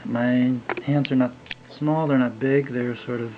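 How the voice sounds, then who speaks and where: A man in his fifties casually reviewing a fountain pen, talking in a halting, rambling way with lots of fillers and trailing off as he writes. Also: mid-range voice, steady tone, narrow, tinny audio, a little hiss or hum. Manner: rambling, halting, many fillers, drifts to a mutter while writing. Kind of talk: casual unboxing and writing test.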